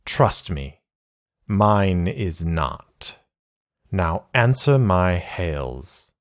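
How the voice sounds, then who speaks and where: A man voicing a menacing rival clan leader who speaks in a cold, gloating, unhurried way. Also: low voice, sing-song, full character voice.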